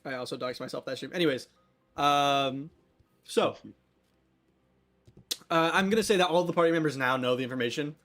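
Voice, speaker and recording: Young guy running a tabletop game, kinda high voice, laughs a lot, loose and jokey. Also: moderate pace, long pauses, a bit bright, faint music behind. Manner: laughs often, loose and joking. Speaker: game master.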